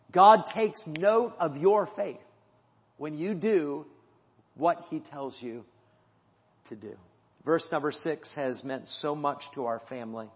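Man preaching in a reverberant church. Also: medium pitch. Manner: storytelling with swings from loud to hushed. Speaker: missionary preacher. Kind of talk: sermon. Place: church sanctuary. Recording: dull audio in a hall with long reverb.

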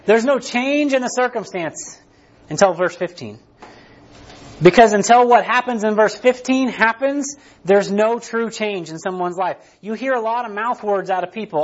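A man's voice: high voice, expressive, moderate pace, lo-fi sound. A man preaching a sermon in a conversational way, often checking in with "right?" and restarting his sentences. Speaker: pastor.

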